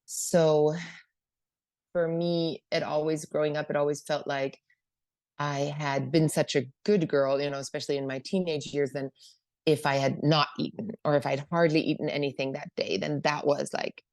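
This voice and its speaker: A woman sharing her recovery story at a meeting, emotional and hesitant, with many pauses and fillers. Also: low voice, little pitch movement, a little mellow, no room sound. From Germany. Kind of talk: personal testimony at a meeting.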